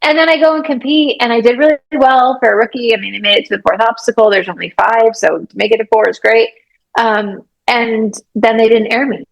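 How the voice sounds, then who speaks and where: A woman guest sharing a faith testimony in conversation, animated and acting out her own prayers with sudden leaps in pitch. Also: brisk, creaky, dull audio. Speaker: podcast guest, artist and obstacle-course athlete.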